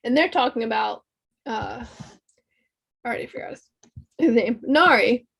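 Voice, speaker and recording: A woman co-hosting a fan podcast, recapping episodes in a casual, animated way and acting out characters' lines. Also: on the high side, moderate pace, gravelly, husky. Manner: animated storytelling recap, laughs often, acts out quotes. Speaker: podcast co-host.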